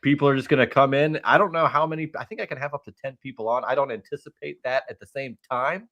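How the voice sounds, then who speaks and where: A man's voice: medium pitch, steady tone, fast talker, fairly bright tone. A man hosting a casual live-streamed wrestling chat, asking loose, off-the-cuff questions. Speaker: podcast host.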